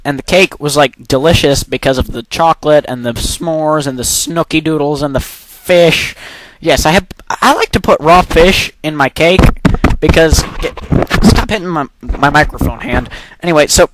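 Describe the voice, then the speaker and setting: Rambling man with a higher voice. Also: moderate pace, fairly bright tone, no room sound, rough recording. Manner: rambling, absurd, stop-start, with coughs. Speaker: amateur narrator. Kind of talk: improvised rambling comic monologue. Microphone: computer microphone.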